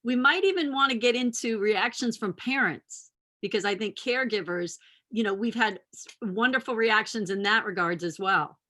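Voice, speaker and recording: A woman's voice: medium pitch, moderate pace, sharp tone. Woman moderator on a panel call, encouraging, asks the questions.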